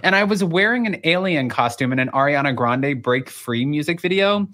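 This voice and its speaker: Gossipy co-host, animated, does little voices for people. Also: medium pitch, normal speed. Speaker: podcast co-host. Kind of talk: casual chat.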